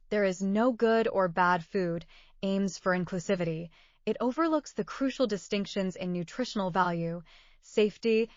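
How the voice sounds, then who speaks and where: A woman reading viewer comments aloud in an even, formal way. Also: medium pitch, no room sound. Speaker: comment reader. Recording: slightly dull, dry sound.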